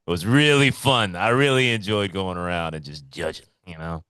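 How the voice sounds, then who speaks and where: A man's voice: sits low, expressive, moderate pace, hardly any pauses, a bit bright. A man co-hosting a podcast over a remote call, telling stories in a laid-back, swearing, casual way. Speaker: podcast co-host. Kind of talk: casual chat.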